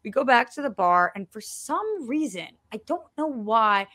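A woman's voice: fairly high pitch, moderate pace, dry recording. Chatty woman co-host telling a story. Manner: animated storyteller, lively retelling. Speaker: podcast co-host. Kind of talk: casual chat.

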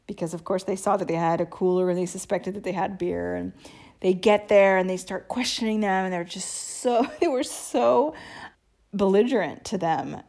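A woman's voice: medium pitch, measured pace. A woman from the United States co-hosting a podcast in easy, casual chat. She tells anecdotes with animation and laughs often along the way. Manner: animated storyteller, laughs easily. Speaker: podcast co-host. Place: lives in Rome.

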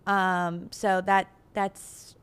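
A young woman co-hosting a casual podcast, chatting lively with her husband and laughing often as she tells family stories. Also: medium pitch, extremely slow, smooth. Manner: giggly, animated, laughs often. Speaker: podcast co-host. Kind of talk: casual chat.

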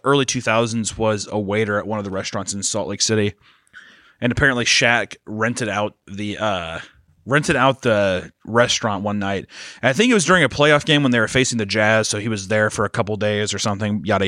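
A man's voice: fairly low pitch, a bit bright, dry recording, studio quality. A man co-hosting a comedy podcast, telling stories animatedly and swearing freely, often putting on voices for the people in them. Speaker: podcast co-host. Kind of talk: casual comedic chat. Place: podcast studio.

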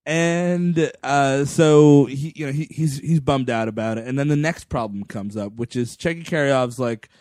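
A man's voice: medium pitch, moderate pace, hardly any pauses, no room sound, studio quality. A man co-hosting a podcast, recapping a film and acting out its lines with laughter. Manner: animated retelling, acts out lines, laughs often. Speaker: podcast co-host. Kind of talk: casual movie recap chat.

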